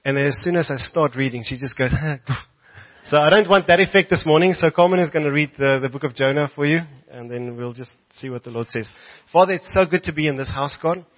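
Male preacher, fervent prayer, dull lo-fi sound, mid pitch. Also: a little fast. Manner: fervent, repeats "Lord" and "God". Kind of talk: church prayer.

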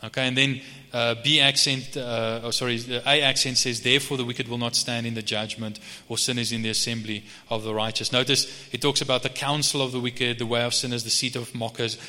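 A male pastor preaching a sermon in a conversational way, with frequent restarts, and reading scripture slowly. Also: mid-range voice, little pitch movement, pushed and bright. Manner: slow measured reading of scripture. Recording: reverberant hall.

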